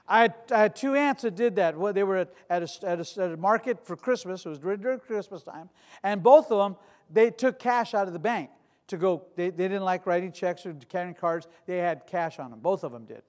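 High-voiced older male pastor preaching. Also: animated, brisk. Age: 60s. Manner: emphatic, swings from loud declarations to hushed storytelling; conversational with asides and humor. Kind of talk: sermon.

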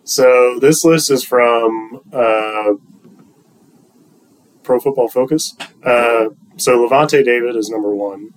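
A man with a mid-range voice talks calmly as a podcast co-host. He keeps his replies short and reads through lists at an easy, even pace. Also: mid-range voice, takes it slowly, low-quality recording. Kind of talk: casual sports podcast chat.

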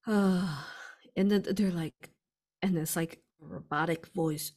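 Casual woman host, low-ish voice, laughs a lot, talks straight to viewers. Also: slow pace, a little mellow. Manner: chatty, laughs often, addresses listeners as "you all". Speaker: spiritual channeler hosting a live stream. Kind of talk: casual spiritual talk answering viewer questions.

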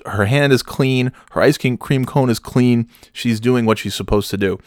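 A man's voice: mid-range voice, normal speed, no echo, studio quality. Self-mocking man telling a rambling story. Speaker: comedian storyteller. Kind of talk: comic storytelling monologue.

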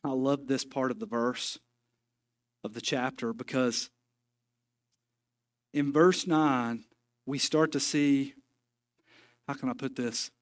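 A man's voice: medium pitch, fairly even intonation, slow, pauses often. A man preaching a sermon in a church, folksy and joking, with emphatic stretches. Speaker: pastor. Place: church sanctuary.

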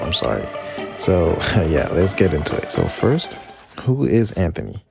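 A man's voice: low-pitched, wildly swooping pitch, measured pace, gravelly, over music. A man in his late twenties from Maryland, hosting a casual solo podcast and telling stories in a chatty, rambling way with self-corrections. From Maryland, United States. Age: 20s. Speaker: podcast host.

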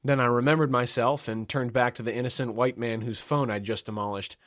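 Guy telling a funny first-person story, wry and deadpan, dry close mic. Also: mid-range voice, fairly quick, no room sound. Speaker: narrator.

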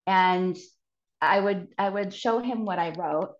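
A woman's voice: medium pitch, slow pace. A woman in her thirties, a guest author in a podcast interview, earnest and laughing often. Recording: dull, roomy remote audio.

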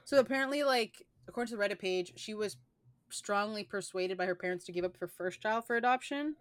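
A woman's voice: medium pitch, fairly quick, dry recording. A young woman co-hosting a podcast, talking in a rambling way with many filler words. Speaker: podcast co-host. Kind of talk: casual chat.

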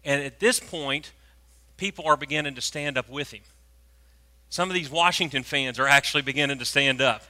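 A preacher, telling a story in a sermon and swinging from hushed tones to loud, animated moments. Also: male voice, mid-range voice, moderate pace. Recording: long reverb of a large hall.

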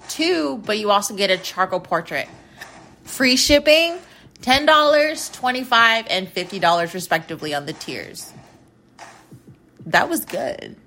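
A woman's voice: medium pitch, fairly bright tone. A woman hosting her own show, ranting casually in a blunt, profane, rambling way. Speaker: host. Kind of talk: casual rant to camera.

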